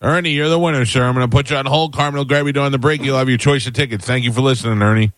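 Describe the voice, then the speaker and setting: A man's voice: medium pitch, fairly even intonation, rapid-fire, a bit bright, dry recording. A man hosting a morning radio show, easygoing and upbeat, taking calls and chatting. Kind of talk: casual morning radio banter.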